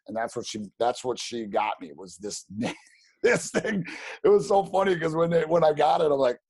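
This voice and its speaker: Man, podcast guest, animated storytelling, lots of restarts, mid pitch, dry close sound. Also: moderate pace, slightly rough, no room sound. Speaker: podcast guest, real estate agent. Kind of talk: casual storytelling interview.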